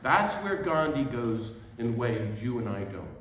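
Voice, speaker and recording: A man giving an animated talk as a priest, exuberant, with quick asides and laughter at himself. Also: mid-range voice, recorded from a distance. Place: event hall. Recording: echoey room with faint background noise.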